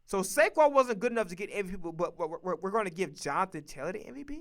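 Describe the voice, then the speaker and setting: This streamer and sports commentator talks fast in a high-pitched voice with lively intonation. He's casually ranting about football picks, swearing, repeating himself, and hammering his points.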